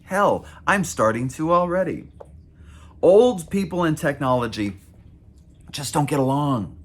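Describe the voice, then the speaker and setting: A man's voice: medium pitch, fairly bright tone. A man in his fifties reading his own memoir aloud, with wry, self-mocking asides. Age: 50s. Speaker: author.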